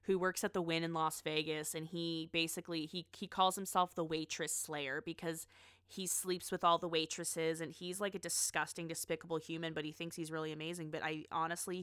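A woman's voice: low voice, pushed and bright, clean tone, dry recording, studio quality. A woman in casual chat, rambling about pop culture with frequent restarts and asides.

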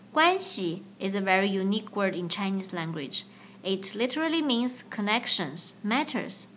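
A woman hosting a language-learning podcast, teaching in a clear, slow, playful way. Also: mid-range voice, sharp tone, a little hiss or hum. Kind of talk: scripted language lesson.

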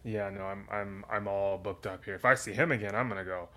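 Podcast dude rambling along, lots of likes and ums, jokey banter. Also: male voice, on the low side, steady tone, brisk, a bit bright, a little hiss or hum. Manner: rambling, filler-heavy, joking. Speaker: podcast co-host. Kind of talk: casual chat.

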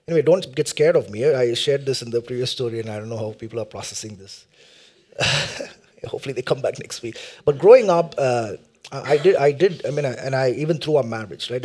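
A middle-aged man from India preaching a sermon, swinging from loud emphatic lines to hushed near-whispers and repeating his points as questions to the congregation. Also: mid-range voice, slightly rough. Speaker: pastor.

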